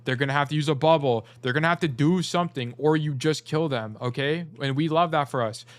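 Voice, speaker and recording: A man's voice: fairly high pitch, brisk. Blunt man coaching over gameplay. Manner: blunt, direct instructions with repeated commands. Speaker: game coach.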